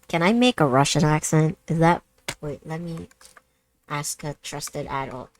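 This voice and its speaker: A woman's voice: low voice, unhurried, no echo. A woman playing a game and chatting casually, with joking asides and mumbled remarks. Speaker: game streamer. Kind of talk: casual let's-play commentary, reading game dialogue aloud.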